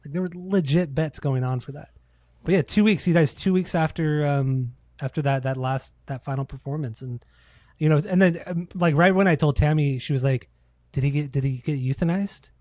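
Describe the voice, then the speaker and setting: A man's voice: fairly high pitch, moderate pace, darkish tone, dry recording. A man co-hosting a casual podcast, telling loose, profane stories and acting out quotes. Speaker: podcast co-host. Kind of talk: casual chat.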